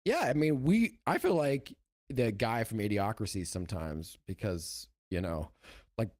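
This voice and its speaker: A man's voice: lowish voice, measured pace. A middle-aged man co-hosting a podcast, ranting in a mocking, profane way. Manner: animated, profane, mocking voices. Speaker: podcast co-host. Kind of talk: ranting casual chat.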